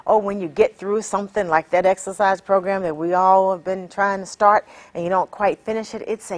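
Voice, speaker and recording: A woman giving a motivational teaching talk as an empowerment coach, measured and encouraging, asking her listeners many questions. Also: medium pitch.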